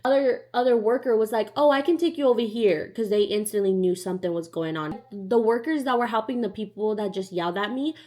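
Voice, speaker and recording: A woman's voice: mid-range voice, a little fast, few pauses, darkish tone. A young woman telling a storytime in a casual, chatty way, acting out the other people in her story. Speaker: vlogger.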